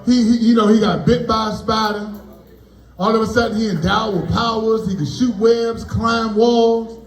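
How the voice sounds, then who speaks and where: A man performing stand-up comedy. He has a very high voice, throws out loud, animated punchlines and bantering with the audience. The sound carries an echo from a room at a live party. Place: party venue, indoors.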